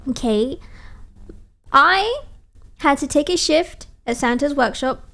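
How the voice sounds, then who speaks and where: A woman's voice: sits high, animated, slow pace, a bit bright. A woman streamer chatting casually and playfully, reading out viewer messages and teasing back at a desk mic.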